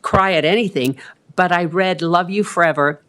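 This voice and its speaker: In a council chamber, a woman in her sixties who sits on the city council gives a rambling, chatty report peppered with ums. Her voice is lowish and fairly bright, moving at a moderate pace.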